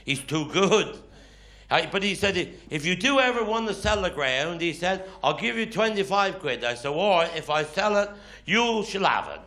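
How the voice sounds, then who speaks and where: A man's voice: high-pitched, expressive, moderate pace, bright, forceful tone. A Cornish man performing live stand-up comedy, telling dialect stories with grumbling quoted voices. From Cornwall. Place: live stage before an audience. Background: audience laughter.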